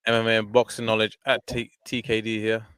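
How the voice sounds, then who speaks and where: A man's voice: fairly low pitch, monotone, a little fast, a bit bright, slight background noise. A man co-hosting a podcast, teasing and playfully bossing his co-host around in casual banter. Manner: teasing, playful, bossy urging.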